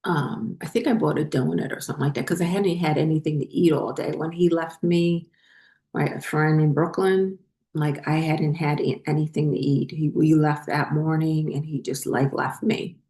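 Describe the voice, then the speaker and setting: A woman's voice: low-pitched, steady tone, moderate pace, mellow, reverberant. A woman, hosting a spiritual channel and telling her own story in a casual, rambling way, with many ums and self-corrections.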